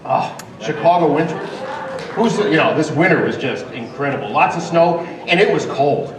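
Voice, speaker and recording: A man's voice: on the high side, lively intonation, normal speed. A man appearing as a guest on a live stage show, bantering playfully with comic setups and punchlines. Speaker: guest executive. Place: large event hall with audience. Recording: echoey hall from far off, crowd behind.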